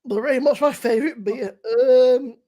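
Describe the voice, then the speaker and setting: A man's voice: extremely high pitch, lively intonation, moderate pace, darkish tone. Teasing, swearing man. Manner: teasing, laughing, heavy swearing. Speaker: co-host. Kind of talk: casual live-stream banter.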